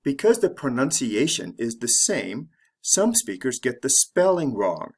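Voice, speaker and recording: Slow, measured man teaching pronunciation. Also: mid-range voice, big pitch swings, husky. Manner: measured, deliberate, careful pronunciation drills. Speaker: English teacher. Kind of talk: slow scripted lesson narration.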